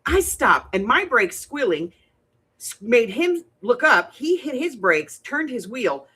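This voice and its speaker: Slightly rough and on the high side, this woman's voice takes things slowly. She's middle-aged and running a crafting livestream, where she chats with viewers, welcomes them by name, laughs a lot and tells lively stories.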